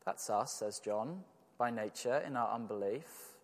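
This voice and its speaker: Earnest preacher in an echoing church. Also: male voice, mid-range voice, animated, measured pace. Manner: earnest, emphatic, with rhetorical questions. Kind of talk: sermon. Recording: long church reverb.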